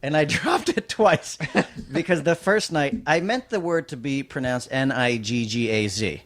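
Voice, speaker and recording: A man's voice: mid-range voice, measured pace. A man hosting a podcast, telling rambling, profane stand-up road stories in casual chat. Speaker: podcast host and comedian.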